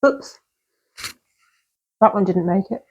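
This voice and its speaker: A vlogger bakes at home in her cottage kitchen, chatting casually for a cooking vlog and rambling along with fillers and little laughs. Her mid-range voice is husky and slow, and the audio sounds dull.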